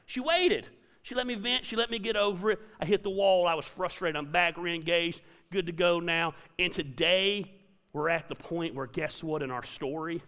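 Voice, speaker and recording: A man's voice: sits high, lively intonation, moderate pace, creaky, pushed and bright. A middle-aged man preaching a sermon as a pastor, conversational and emphatic, with punchy repeated lines. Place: church auditorium. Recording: reverberant hall.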